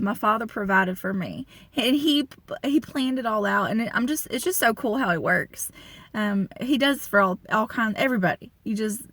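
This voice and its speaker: A woman in her thirties tells a personal testimony in a relaxed, conversational way, sprinkling in fillers and calling out to her listeners. Her voice sits at a middling pitch and jumps sharply upward whenever she acts out her own words. The recording is dry and close, with no room echo. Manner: conversational, frequent fillers, addresses listeners as y'all; animated storytelling with pitch jumps when quoting herself. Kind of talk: casual spoken faith testimony.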